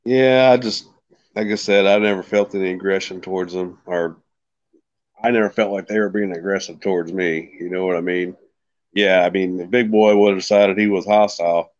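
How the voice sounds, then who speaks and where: A man's voice: sits low, fairly even intonation, moderate pace. Rambling man telling a story, lo-fi. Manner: rambling, folksy, repeats "like I said". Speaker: podcast guest. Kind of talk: casual storytelling.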